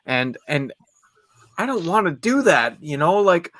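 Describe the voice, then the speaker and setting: A man's voice: fairly high pitch, big pitch swings, unhurried, a bit bright, no echo, clean studio sound. A man calling in to a fan show, ranting with emphasis and repeating words as he builds his point. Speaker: fan caller. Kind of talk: heated fan call-in rant.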